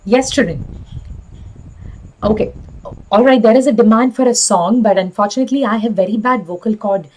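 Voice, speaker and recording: A woman in her thirties with an airy, breathy voice, chatting warmly with her students as an online teacher. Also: on the high side, normal speed, long pauses, rough recording. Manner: friendly, addresses children, laughs often. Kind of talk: live class sign-off chat.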